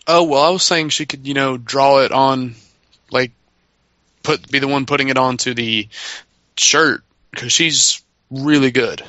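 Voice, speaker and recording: A man's voice: mid-range voice, steady tone, a little slow, bright, forceful tone, no echo. A man in a casual wrestling podcast chat, eager and rambling, with lots of fillers. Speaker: podcast co-host. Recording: dry, dull lo-fi audio.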